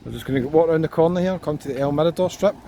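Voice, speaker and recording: A Scottish man with a slightly high voice gives easygoing walking commentary outdoors, talking into a handheld camera as he strolls. Clear traffic and street noise run behind him. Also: racing. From Scotland. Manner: chatty, relaxed tour guide, pointing out places as he walks. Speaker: walking tour vlogger. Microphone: handheld camera while walking. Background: outdoor traffic and street ambience.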